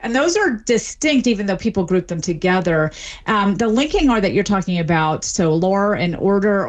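A woman answering interview questions as an expert, explaining clearly and with examples. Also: medium pitch, normal speed. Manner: articulate, lively, explains with examples. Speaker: dialect expert guest.

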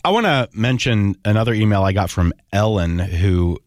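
A man's voice: on the low side, lively intonation, moderate pace, no room sound, studio quality. A man co-hosting a casual chat, easygoing and laughing often as he relays listener emails. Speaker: podcast co-host.

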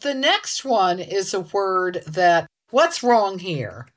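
Woman, lively swooping voice, teasing casual chat, laughs often. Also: on the low side, slow, hardly any pauses. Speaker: podcast co-host.

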